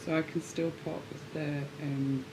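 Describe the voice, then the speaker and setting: A chatty co-host from Yorkshire, bantering on a livestream at a middling pitch. Steady background noise sits clearly under the voice. The tone stays light and jokey. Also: a little slow. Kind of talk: casual livestream chat.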